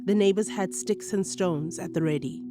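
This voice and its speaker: A woman narrating a radio documentary in a measured, clear storytelling manner. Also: fairly low pitch, music in the background.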